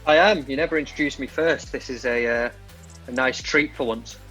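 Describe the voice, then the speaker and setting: A man's voice: mid-range voice, moderate pace, pushed and bright, soft background music, low-quality recording. A man joining a football podcast as a guest over a video call, bantering dryly. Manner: dry, joking banter. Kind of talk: casual football podcast chat.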